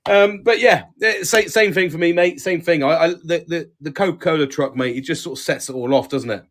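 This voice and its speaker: Sweary dad, laddish banter. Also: male voice, on the high side, a little fast, fairly bright tone. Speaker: podcast co-host. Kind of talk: casual chat.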